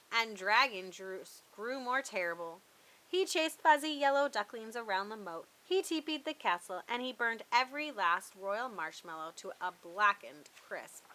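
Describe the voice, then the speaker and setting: A woman reads a children's picture book aloud in a bright, crisp voice. She sits a little high and swoops widely in pitch. She is playful, with dramatic pauses for effect. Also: rough recording. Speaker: children's storyteller.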